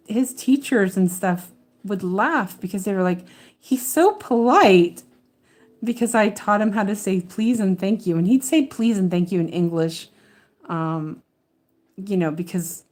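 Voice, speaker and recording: Woman stitching and chatting at home, slow unhurried delivery, rambling with fillers and restarts. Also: mid-range voice, a little mellow. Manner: mutters to herself while checking her work. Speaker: cross-stitch vlogger. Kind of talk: casual chat while stitching.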